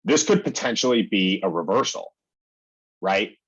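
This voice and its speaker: Chatty low-voiced man explaining trading charts. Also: expressive, normal speed, husky, highs cut off. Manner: chatty, heavy use of "like" and "okay", acts out his own reactions. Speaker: day trading educator. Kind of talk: casual screen-share chart walkthrough.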